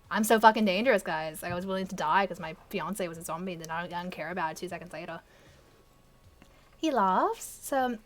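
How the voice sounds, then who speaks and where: A young woman reading her old teenage story aloud and mocking it with sarcastic, self-deprecating asides and frequent laughter. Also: mid-range voice. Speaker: channel host reading her teenage fan fiction aloud.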